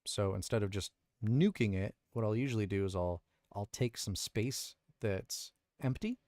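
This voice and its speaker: Low-voiced man chatting from a booth. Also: normal speed, darkish tone, no echo, studio quality. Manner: explanatory, thinking aloud. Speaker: voice actor. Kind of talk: casual livestream chat about audio editing. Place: home recording booth.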